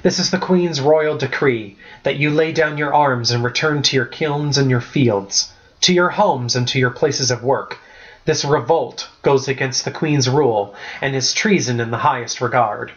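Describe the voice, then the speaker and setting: A man's voice: medium pitch, moderate pace, highs cut off, lightly acted. A man voicing a haughty teenage lord who serves as a royal emissary, speaking in a stern, commanding way.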